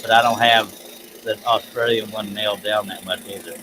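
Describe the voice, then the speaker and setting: A man's voice: fairly low pitch, steady tone, normal speed, background noise. A man hosting a live stream, chatting casually and poking fun at himself while he works. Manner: easygoing, self-mocking, chuckles often. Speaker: live-stream host and artist. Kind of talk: casual chat while working.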